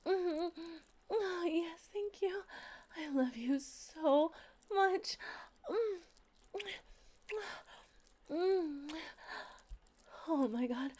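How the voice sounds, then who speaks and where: A young adult woman voicing a loving female plush toy come to life in an intimate audio role-play, breathy and affectionate. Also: high voice.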